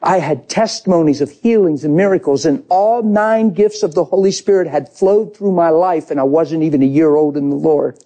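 A male preacher delivers a heartfelt sermon in a dark, mellow tone. His voice is husky and a little rough around the edges. He tells his testimony with animated passion. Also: on the high side, normal speed, hardly any pauses.

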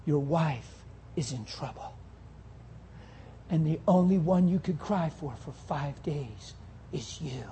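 A man voicing God, speaking calmly and slowly in a soft, hushed tone. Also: a little high, a little hiss or hum, pitched below the performer's own voice. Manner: calm, slow, hushed. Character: calm, gentle voice of God.

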